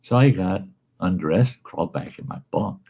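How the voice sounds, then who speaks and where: A man's voice: low-pitched, animated, normal speed, creaky, a little mellow, breathy edge. A man host telling a folksy, salty story about his own past.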